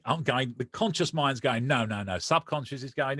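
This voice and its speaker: A man from Romford, a podcast guest who tells a personal story and acts out the dialogue with lively energy. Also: mid-range voice, moderate pace, no echo. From Romford, England.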